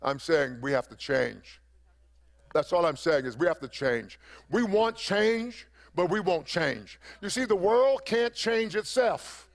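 A man's voice: high voice, lively intonation, measured pace, vocal fry. A man preaching a sermon as pastor, emphatic and repeating phrases for effect.

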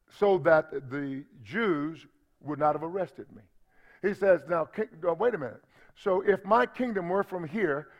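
A man pastor preaching a sermon, asking the congregation for responses as he explains scripture. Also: a little high. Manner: preaching with call-and-response asides. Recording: dull lo-fi sermon audio.

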